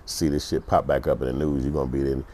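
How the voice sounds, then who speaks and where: A man's voice: rumbling low, flat delivery, quick pace, dark tone. A middle-aged man giving blunt, profane storytelling commentary in a vlog. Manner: profane, blunt, acts out other people's voices. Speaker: vlogger.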